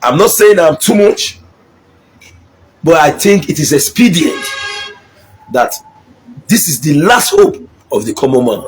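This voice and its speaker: A man's voice: a little high, huge pitch swings, measured pace, pauses often, slight background noise. A middle-aged Nigerian man giving an impassioned political speech, mixing Pidgin with English and repeating his points for emphasis. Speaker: local politician.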